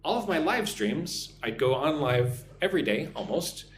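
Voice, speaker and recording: A man in his thirties from the United States with an American accent, teaching English on a live stream, reading chat comments aloud and drilling pronunciation slowly. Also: fairly high pitch, sing-song. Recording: echoey room with faint noise.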